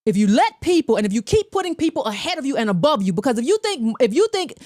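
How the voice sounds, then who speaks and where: A woman's voice: high-pitched, sing-song, fast talker, a little mellow, no echo, clean studio sound. An American woman hosting a commentary show, talking in a combative, emphatic and scornful way. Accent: American English. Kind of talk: opinionated political commentary.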